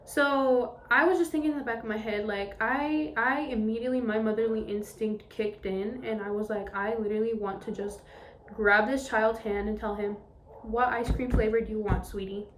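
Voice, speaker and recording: A young woman hosting a podcast, talking in a candid, expressive way with casual swearing and frequent fillers. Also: on the high side, moderate pace, slight background noise. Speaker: podcast host. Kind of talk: casual chatty podcast monologue. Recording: echoey room.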